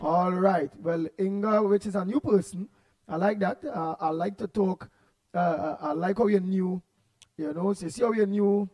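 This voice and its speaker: A Trinidadian man hosting a morning call-in radio show, loud and passionate as he greets listeners one by one by name. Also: high-pitched, normal speed, no room sound.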